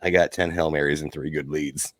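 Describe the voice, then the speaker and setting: Deep-voiced opinionated man, dry sound. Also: a bit bright, no echo. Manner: emphatic, opinionated. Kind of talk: casual chat, opinionated.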